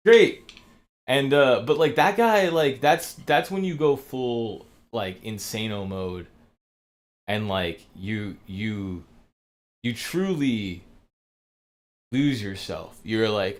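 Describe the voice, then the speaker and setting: A man's voice: mid-range voice, very slow, pauses often. A man streaming live, talking in a rambling, profane monologue full of fillers. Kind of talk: casual livestream monologue.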